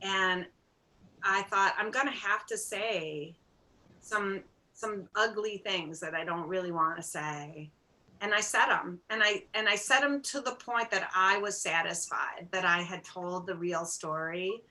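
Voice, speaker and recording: A middle-aged woman, a singer-songwriter guest, telling stories in a casual interview in an animated, self-deprecating way, acting out bits of dialogue. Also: medium pitch, a little slow, rough recording. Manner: animated, acts out quoted dialogue.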